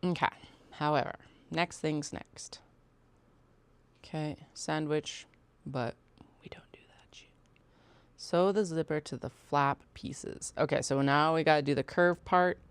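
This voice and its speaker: A woman's voice: sits low, fairly even intonation, measured pace, clean tone, dry recording. A woman hosting a sewing livestream, chatting casually and talking herself through each step, with the odd muttered curse. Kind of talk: casual chat while sewing.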